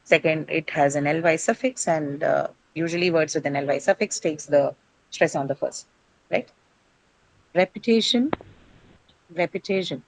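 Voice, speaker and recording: Low-voiced woman teaching pronunciation. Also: moderate pace, gravelly, long pauses, rough recording. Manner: patient, explanatory, asks questions then answers them, frequent "right?". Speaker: English teacher. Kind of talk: pronunciation lesson to a class.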